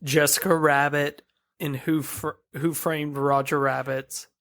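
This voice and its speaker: A man's voice: fairly high pitch, little pitch movement, unhurried, fairly bright tone, dry recording, studio quality. A man co-hosting a podcast, chatting casually and tossing in joking, wry asides. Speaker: podcast co-host. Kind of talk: casual chat reviewing cartoons.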